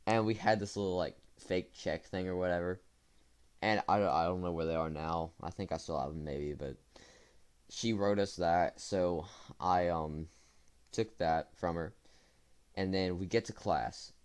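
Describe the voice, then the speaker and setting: A man's voice: low voice, fairly even intonation, a little slow, clear, resonant tone. A young man casually telling a rambling story to his viewers, full of fillers and restarts. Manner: rambling, with fillers and self-corrections. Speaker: storytime vlogger.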